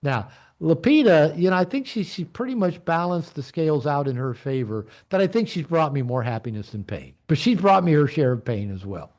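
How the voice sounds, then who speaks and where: An earnest man in his late sixties speaks candidly to an online group, reflective and open. His voice sits a little high for a man and moves freely up and down as he talks. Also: expressive, fairly quick, hardly any pauses, a little mellow. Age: 60s. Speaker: men's coach and community leader. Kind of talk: personal talk to an online group.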